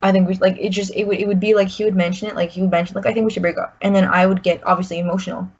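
A woman in her twenties shares a personal story as a guest, talking very fast in a flat, medium-pitched voice that's a little mellow and slightly rough. Her telling rambles, full of restarts and "like"s. The audio is slightly muffled.

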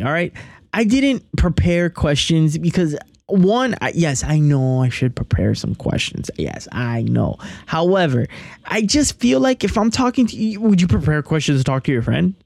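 Excitable man hosting a podcast. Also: a little high, moderate pace, creaky, no room sound. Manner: excitable, repeats himself. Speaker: podcast host. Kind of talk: casual podcast chat.

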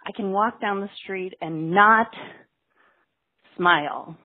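A woman with a husky voice speaks slowly and deliberately, dismissive and exasperated as she vents. The sound is narrow and tinny, like a voicemail left by phone. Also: mid-range voice. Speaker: caller. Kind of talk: ranting voicemail.

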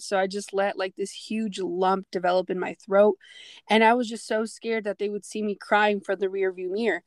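A woman's voice: medium pitch, no room sound. A woman in her early twenties hosting a podcast, sharing personal memories in a reflective, conversational way with frequent fillers. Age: 20s. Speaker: podcast host.

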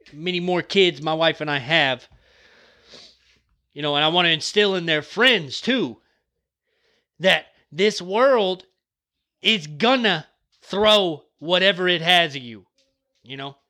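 Young male podcast host, bright high voice, profane and fired-up, yells, then jokes. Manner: profane, fired-up, yelling at times; relaxed and joking between rants. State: dry throat from yelling. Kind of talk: motivational casual talk.

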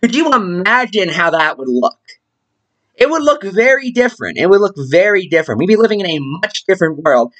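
A young adult political commentator delivering a sarcastic, ranting monologue with abrupt jumps in pitch. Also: animated, brisk, fairly bright tone, poor audio.

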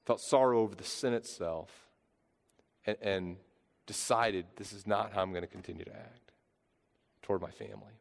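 A man's voice: lowish voice, normal speed, vocal fry, long pauses. A man in his thirties preaching a sermon, earnest, often repeating and restarting phrases. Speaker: pastor. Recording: long hall reverb.

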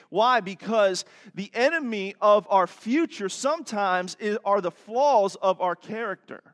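High-voiced pastor in a reverberant church. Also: male voice, fairly bright tone. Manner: folksy, chatty, audience asides. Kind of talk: sermon with jokes. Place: church sanctuary.

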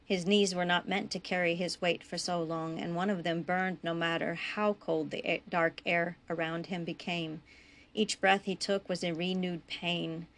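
A woman reading her own western story aloud in a measured, even narration. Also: fairly low pitch.

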